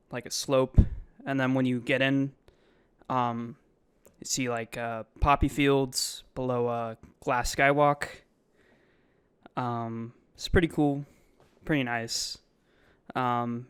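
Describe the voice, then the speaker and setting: A man talks casually over his own video in a loose, rambling way, filling gaps with ums and likes. His voice is very smooth and resonant and sits at an ordinary middle pitch. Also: a bit bright. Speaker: vlogger. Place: voice-over, not recorded in the museum.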